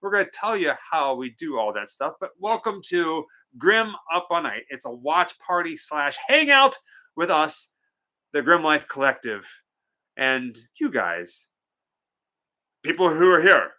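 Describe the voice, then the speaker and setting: Lively, bright-voiced joking male host. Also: fairly high pitch, a little slow. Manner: playful, joking, theatrical greetings. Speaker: co-host of a movie watch party stream. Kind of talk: casual livestream chat, reading out viewer names.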